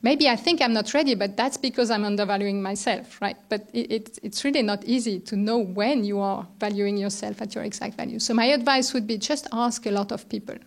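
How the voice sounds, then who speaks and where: A woman's voice: medium pitch, steady tone, brisk, creaky, few pauses. Middle-aged woman speaking at a panel. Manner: conversational, thoughtful, with restarts. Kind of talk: round-table talk. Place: lecture room.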